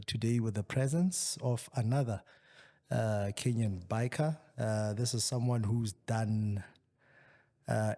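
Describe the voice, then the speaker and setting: A man's voice: lowish voice, mellow. A man hosting a podcast interview, talking casually with frequent hesitant fillers. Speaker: podcast host.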